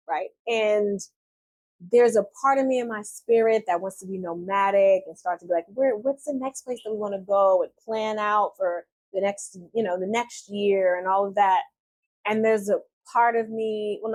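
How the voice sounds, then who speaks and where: Candid chatty woman vlogger. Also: mid-range voice. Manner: candid and chatty, with frequent fillers and soft laughs. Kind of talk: reflective personal storytelling.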